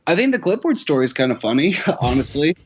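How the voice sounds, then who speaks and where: A man's voice: fairly high pitch, very animated, fast, breathy edge. A man chatting casually as a podcast guest, telling a long story full of restarts and repeated words. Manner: rambling storyteller with many restarts. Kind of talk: casual chat. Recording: dull lo-fi sound.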